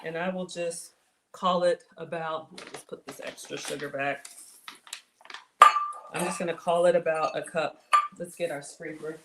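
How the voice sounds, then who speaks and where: Heavy background noise surrounds a woman with a low-pitched, steady voice who speaks a little slowly with long pauses. She has a Southern US accent and hosts a casual home-kitchen cooking livestream, chatting with viewers and teasing herself.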